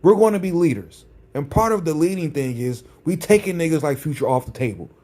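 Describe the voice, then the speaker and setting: A man's voice: fairly high pitch, animated, brisk, dark tone. A man ranting in a vlog, sarcastic and combative, often repeating his phrases for emphasis. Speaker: vlogger. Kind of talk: ranting commentary.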